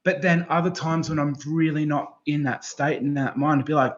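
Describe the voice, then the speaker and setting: A man, a podcast guest in casual chat, who swears constantly and rambles excitedly from one thought to the next. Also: on the high side, normal speed, few pauses. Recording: slightly dull lo-fi sound.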